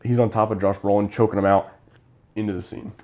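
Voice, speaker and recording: Lowish-voiced young man retelling a movie. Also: fast talker. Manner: animated retelling, acts out characters' lines. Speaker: podcast co-host. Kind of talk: casual movie review chat.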